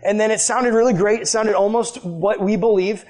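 Guy with a high voice preaching to a youth group, casual and emphatic, like talking straight to the kids. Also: steady tone, moderate pace, a little mellow. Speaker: youth pastor.

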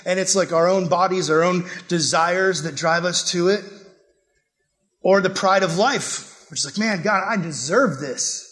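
A young man preaching a casual, animated youth sermon, acting out quotes as he goes. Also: high-pitched, a little slow. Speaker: youth pastor.

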